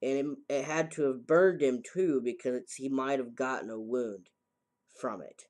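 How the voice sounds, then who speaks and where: A man's voice: mid-range voice, moderate pace, darkish tone. Rambling man in an echoey room. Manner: rambling, self-correcting storyteller. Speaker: game reviewer. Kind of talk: casual plot recap. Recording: very echoey, voice far from mic.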